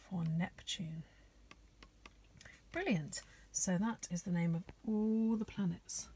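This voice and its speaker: A woman teaching young children in a slow, encouraging way that often drops to a whisper. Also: lowish voice, mellow, husky. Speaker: primary school teacher.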